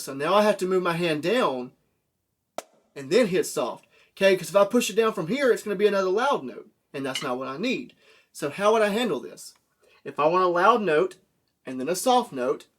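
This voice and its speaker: A man teaching a drum lesson, explaining step by step and checking in with "okay?" and "right?". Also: high voice. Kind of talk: classroom lesson. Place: room with a drum. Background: drum hits.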